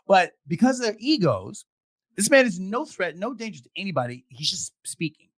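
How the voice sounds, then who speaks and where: Over a video call microphone, a man hosts an online discussion show, talking emotionally and casually as a podcast host. His high-pitched voice is very animated and impassioned, though halting, as he keeps stumbling into repeated restarts.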